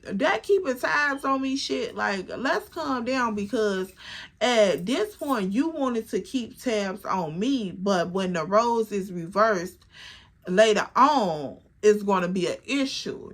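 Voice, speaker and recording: A woman in her twenties telling a casual storytime, animated and profane. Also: mid-range voice, slow. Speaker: vlogger.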